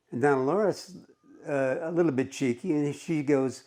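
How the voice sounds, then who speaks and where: A male English teacher walking students through a story in a relaxed, conversational way, checking in often as he goes. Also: medium pitch, moderate pace. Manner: conversational, with frequent "okay" checks. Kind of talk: explaining a story in a recorded lesson.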